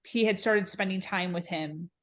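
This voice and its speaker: A woman's voice: mid-range voice, moderate pace. Woman telling a candid personal story. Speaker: podcast guest.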